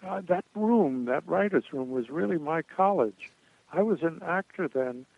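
An older man reminisces with a storyteller's meandering rhythm, dotted with hesitations and restarts. His voice sits a little high for a man and comes through a thin, phone-like line with no room sound at all. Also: lively intonation, unhurried, gravelly, no room sound. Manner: rambling anecdotes with frequent uh and restarts. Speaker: guest comedian. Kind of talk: storytelling in a radio interview. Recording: tinny dry phone line.

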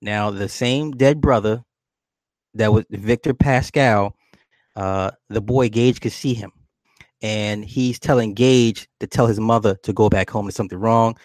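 A man with a lowish voice, recorded dry, casually retells a movie's plot at an unhurried pace. He tells it in an animated way, laughing often and acting out the characters' lines, swearing casually and checking in with the listener with "right?".

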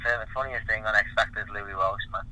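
Man, radio guest, very bright tone, relaxed, stammering repeats. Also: lowish voice, quick pace, slight background noise, rough recording. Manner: relaxed, storytelling, repeats words. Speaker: guest performer. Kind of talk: casual chat.

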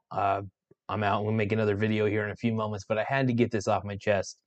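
A sports vlogger, tired and yawning, rants angrily about his basketball team, swearing and beginning his sentences again as he vents. He speaks fast, with a lowish voice and flat delivery.

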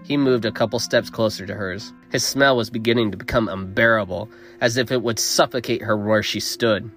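A man narrating a dark fantasy story in a steady, measured reading. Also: fairly low pitch, soft background music.

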